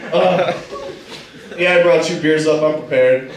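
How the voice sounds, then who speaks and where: A man's voice: a little high, a little slow, a crowd in the background. A young man doing a stand-up comedy set with loose, profane, self-mocking storytelling in a small club. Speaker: stand-up comic. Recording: echoey room, taken from far off. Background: audience laughing.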